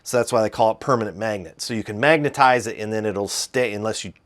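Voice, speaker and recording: Rambling Midwestern man, low voice. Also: fast. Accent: Midwestern American. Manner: rambling, hesitant, full of fillers and restarts. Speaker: guitar video host. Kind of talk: casual explanatory talk.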